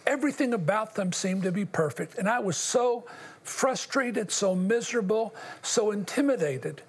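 Older male guest, husky tone, earnest and halting, testimony-style storytelling. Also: high voice, animated. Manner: earnest, halting, with long pauses. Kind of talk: personal testimony in an interview.

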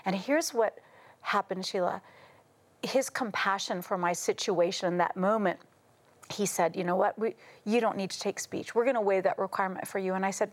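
Middle-aged woman telling stories on a talk show, acts out the quotes, laughs a lot. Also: mid-range voice. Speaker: guest. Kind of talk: casual talk show storytelling.

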